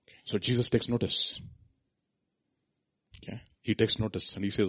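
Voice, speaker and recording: A man preaching a sermon, asking rhetorical questions and swinging between loud emphatic lines and quiet asides. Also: lowish voice, fairly even intonation, normal speed, long pauses, slightly rough.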